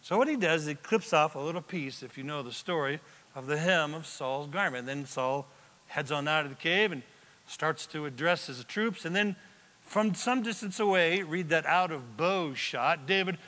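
A male pastor preaching a sermon, telling the story with animated, joking asides. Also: on the high side, moderate pace. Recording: long hall reverb.

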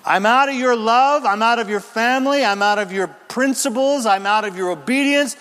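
A man acting out a defiant ancient fugitive, whining and blaming everyone as he storms off. His voice jumps high and loud with shouted bursts. The recording carries long hall reverb. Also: moderate pace. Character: self-pitying, defiant ancient male fugitive.

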